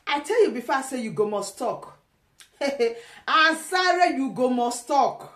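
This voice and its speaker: A woman's voice: high voice, lively intonation, takes it slowly, fairly bright tone, roomy sound, a little hiss or hum. A woman with a Nigerian accent giving teasing, laughing commentary in casual pidgin.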